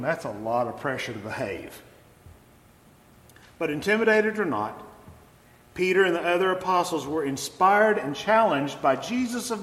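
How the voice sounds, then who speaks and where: A pastor preaching a reflective sermon, slowing down for emphatic phrases. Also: male voice, a little high, a bit bright, echoey room, big-room sound, low-quality recording.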